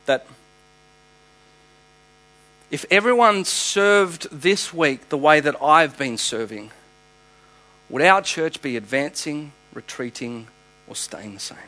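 An Australian man preaches a sermon from a church stage. His voice sits a touch higher than most men's, and he drives his points home with repetition, stopping and restarting as he goes. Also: expressive, slow, pauses often, sharp tone, poor audio. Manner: emphatic preaching with repeated phrases and restarts. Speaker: pastor.

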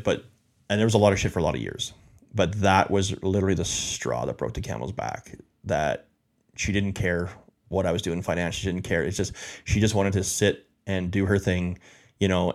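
A man's voice: sits low, darkish tone. A man telling his life story as an interview guest, rambling with lots of fillers and repeats.

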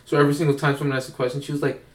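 A man's voice: fairly high pitch, level tone, very fast. A young man telling rambling stories in casual chat, co-hosting a podcast. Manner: rambling, acts out quoted voices. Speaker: podcast co-host. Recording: roomy, distant mic.

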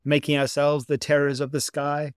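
A flamboyant, sentimental gentleman of grand and florid speech, put on by a man reading a story. The voice sits well above the narrator's own and rings louder, every phrase theatrical. It is recorded dry and close. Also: a little high, monotone, moderate pace, clean tone, dry recording, natural voice. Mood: fond, theatrical.

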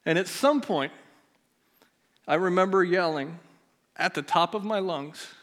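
A pastor telling a personal story in a sermon, his voice dropping to a near hush at the emotional moments. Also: sits high, measured pace. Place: church sanctuary.

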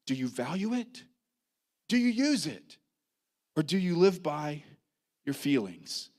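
A man preaching a sermon in church, with an emphatic delivery that rises and falls, and leading a prayer. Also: high voice. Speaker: pastor.

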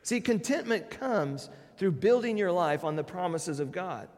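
A male preacher with a high voice delivers a sermon with strong emphasis, unhurried and animated. He climbs into loud declarations, then sinks into quiet, low endings, all carried by the long reverb of a large hall.

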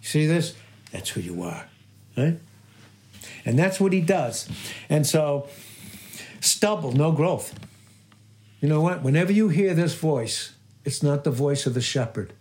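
Unhurried yet animated, a pastor with a highish, darkish voice leaves long pauses as he preaches. He keeps stressing and repeating key phrases and throws out rhetorical questions.

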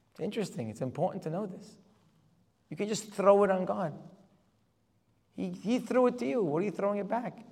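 A man teaches a religious class in a slightly high voice, moving from quiet asides to insistent, climbing emphasis. He peppers his points with rhetorical questions. The sound carries a long reverb, as in a hall. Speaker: Torah teacher. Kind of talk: religious lecture.

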